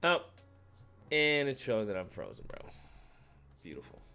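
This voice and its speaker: A man hosting a livestream, reacting to clips in casual, animated commentary and repeating his phrases. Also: medium pitch, normal speed, clear, resonant tone.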